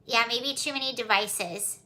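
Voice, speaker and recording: Bright, high-voiced chatty woman. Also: a little slow. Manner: chatty, reads viewer comments aloud and answers them. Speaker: livestream host. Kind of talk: casual livestream chat.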